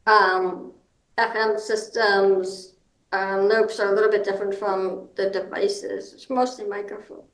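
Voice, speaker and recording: A woman speaking as a guest advocate, giving practical advice in an informal, halting way with many ums and restarts. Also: mid-range voice, little pitch movement. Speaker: guest, hard of hearing and seniors advocate. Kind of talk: explanatory advice talk. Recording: roomy echo.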